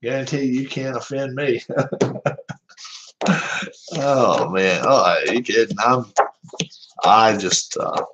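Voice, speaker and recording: A man with a Southern American drawl hosts a tabletop baseball replay in a relaxed, chatty way. He calls each play loosely, wanders into stories and laughs at himself often. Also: mid-range voice, slow pace, long pauses, muffled recording, background noise. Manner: chuckles often, rambling, self-deprecating. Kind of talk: casual play-by-play chat.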